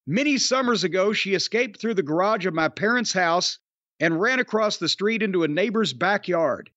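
A man with a fairly high, animated voice reads listener tributes on a podcast, wry and offhand, tripping over a name now and then. The recording is dry and close, with a slightly dull, lo-fi tone. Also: moderate pace, dry recording. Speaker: podcast co-host. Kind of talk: casual podcast chat, reading listener tributes.

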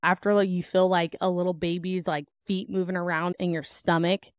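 Brisk and clean-toned, her lowish voice shows little pitch movement as this young woman hosts a podcast. She chats openly about her own life, laughing and saying "like" a lot while storytelling to listeners. The recording is dry with clean studio sound.

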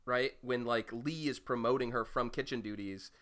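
A man's voice: medium pitch, moderate pace, fairly bright tone. A young man co-hosting a podcast, chatting casually with rambling enthusiasm and casual swearing. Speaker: podcast co-host. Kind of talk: casual chat.

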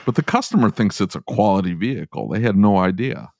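A man's voice: on the low side, expressive, vocal fry, mellow, no echo, studio quality. A man hosting a podcast, chatting casually and laughing often. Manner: chatty, laughs often, does quick voices. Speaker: podcast host.

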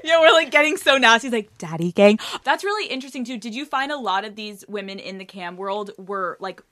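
A woman hosting a podcast interview, reacting quickly and asking eager follow-up questions. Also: on the high side, bright, forceful tone. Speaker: podcast host. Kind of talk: casual interview chat.

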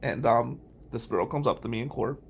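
A man's voice: mid-range voice, moderate pace, vocal fry, husky. A man from New Jersey, a podcast host and defense lawyer, telling casual, blunt stories in tribute. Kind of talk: storytelling tribute.

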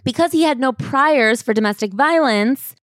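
A woman co-hosting a casual book podcast, retelling events with wry, deadpan asides. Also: sits high, normal speed, no room sound, clean studio sound. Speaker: podcast co-host. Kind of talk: casual book-recap chat.

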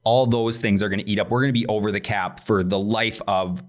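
Lower-voiced man explaining in casual chat. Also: steady tone, fairly quick. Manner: explanatory, precise about details, peppered with "like". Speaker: podcast co-host.

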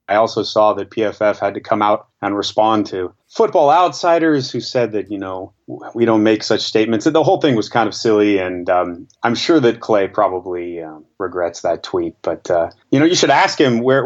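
Lower-voiced hesitant analyst man. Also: dull audio. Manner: measured, hesitant, many fillers and repeats. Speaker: podcast co-host, stats analyst. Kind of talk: casual podcast discussion.

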